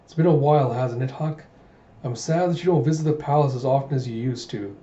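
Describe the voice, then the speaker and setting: A man voicing a gentle, mild-mannered older king in a soft, soothing way. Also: medium pitch, a little fast, lightly acted. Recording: dull roomy home recording.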